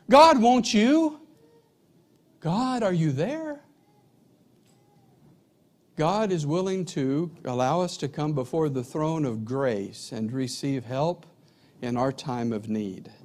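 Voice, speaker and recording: A middle-aged man preaching a sermon, telling stories and acting out dialogue. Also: mid-range voice. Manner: animated storyteller, acts out dialogue.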